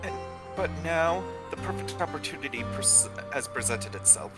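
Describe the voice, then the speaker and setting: A man's voice: fairly high pitch, lively intonation, moderate pace, over loud music, natural voice. A man reading as a brooding, vengeful villain. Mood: menacing. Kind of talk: reading game dialogue aloud.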